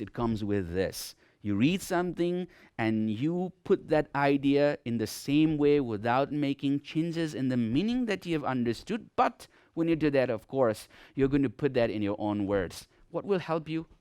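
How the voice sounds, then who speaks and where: A man's voice: mid-range voice, clean tone, dry recording, studio quality. A man teaching a televised English grammar lesson, emphatic and often checking in with "okay?". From Nepal. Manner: emphatic, repeats "okay?" often, lively classroom delivery.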